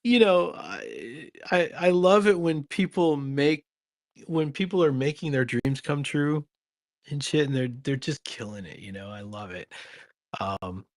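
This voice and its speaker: A man's voice: on the high side, lively intonation, unhurried, no echo. A man, an actor hosting a casual live chat, rambling and laughing often, tired after a long day. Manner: laid-back, rambling, laughs often, swears. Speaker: actor and host.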